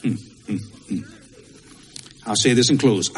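Folksy preacher in a big hall. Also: male voice, on the low side, measured pace, breathy edge. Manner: folksy, repetitive preaching with Southern turns of phrase. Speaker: pastor. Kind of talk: sermon. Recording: long hall reverb.

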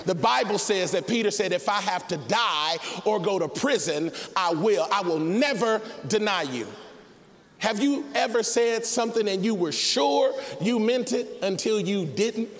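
Animated male preacher, high voice, half-sung lines, long reverb. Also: unhurried. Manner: animated, acts out characters, sings phrases. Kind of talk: sermon.

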